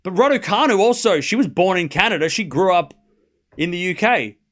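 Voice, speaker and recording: A man's voice: sits high, fairly quick. An Australian man hosting a live tennis stream, ranting casually and mockingly to his viewers. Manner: animated, mocking, talks straight to chat. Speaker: livestream tennis host.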